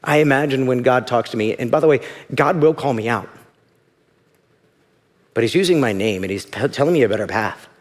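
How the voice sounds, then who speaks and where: A man's voice: medium pitch, brisk, pauses often. A man preaching a sermon as pastor, conversational and emphatic, voicing quotes to make his points. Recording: reverberant hall.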